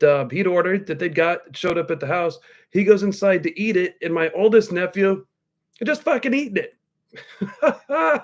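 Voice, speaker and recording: A man in his forties hosting a podcast live, telling stories in a loose, profane, rambling way while sipping a drink. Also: on the high side. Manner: drinking a cocktail while talking. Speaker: podcast host. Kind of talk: casual live-stream chat.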